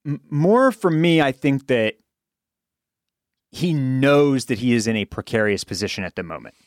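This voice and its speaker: A man co-hosting a podcast in casual chat, agreeable and halting, often restarting his words. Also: mid-range voice, animated, no echo, studio quality. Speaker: podcast co-host.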